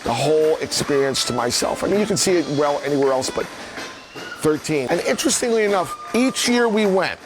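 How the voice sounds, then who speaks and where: A middle-aged man casually telling rambling stories and acting out the lines people said in lively voices. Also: on the high side, fairly quick, over music. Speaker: prop collector recounting memories. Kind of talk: casual storytelling.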